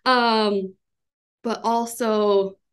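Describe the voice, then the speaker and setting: A woman's voice: on the high side, steady tone, extremely slow, clean tone. A woman hosting a podcast interview, talking thoughtfully in a casual way with fillers and small laughs. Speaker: podcast host.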